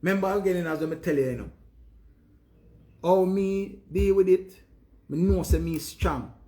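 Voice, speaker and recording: Brief: Jamaican man, fairly high voice, earnest preachy monologue to a live audience. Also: unhurried, dark tone. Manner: earnest, preachy Patois rant. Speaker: live streamer. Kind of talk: casual monologue to viewers.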